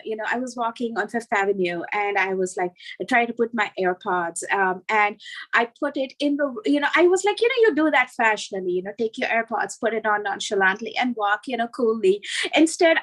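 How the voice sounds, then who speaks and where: A middle-aged woman doing a self-deprecating stand-up set, telling animated stories with lots of fillers. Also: fairly high pitch, rough recording. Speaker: stand-up comedian.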